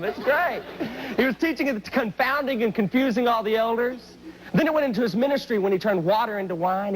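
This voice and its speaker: A man telling a comic story on stage, animated and hyperactive, with sudden loud outbursts. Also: sits high, slight background noise, rough recording. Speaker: Christian comedian and singer.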